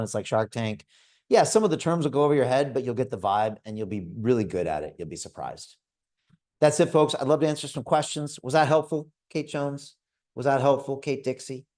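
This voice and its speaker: A man in his fifties hosting a crypto investment club and giving a motivational sales pitch on a group video call. He talks in a direct, energetic way and keeps calling his listeners folks.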